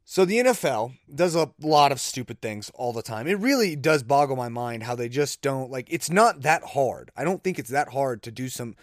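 A man's voice: mid-range voice, lively intonation, normal speed, hardly any pauses, no echo, clean studio sound. A man hosting a casual solo podcast, rambling and self-deprecating, with bursts of exasperated disbelief. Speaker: podcast host.

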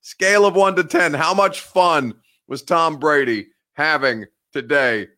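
A man's voice: fairly high pitch, measured pace, sharp tone. A man hosting a live sports talk show, chatting casually, rambling and correcting himself as he goes. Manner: rambling, self-correcting, joking. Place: home studio.

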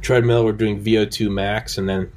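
A man's voice: lowish voice, level tone, moderate pace, darkish tone. A man hosting a podcast, chatting casually and rambling through anecdotes. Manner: rambling, acts out quotes in anecdotes. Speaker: podcast host. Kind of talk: casual conversation.

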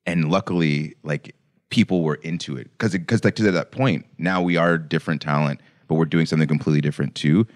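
Low-voiced male co-host, loose storyteller who acts out quotes. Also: brisk. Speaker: podcast co-host. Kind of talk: casual chat.

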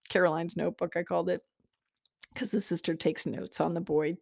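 A woman talks through her podcast in a loose, rambling way, laughing often and speaking straight to the listener. Her voice sits low with a gravelly edge. The sound is close and dry, with no room around it. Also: fairly even intonation, brisk, a little mellow, no echo. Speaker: podcast host, psychic teacher. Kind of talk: casual monologue.

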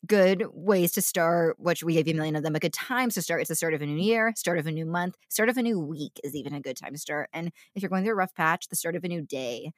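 A woman's voice: low-pitched, fast, hardly any pauses, dry recording, studio quality. A young woman co-hosting a podcast, bubbly and teasing, laughing often. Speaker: podcast co-host. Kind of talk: casual chat.

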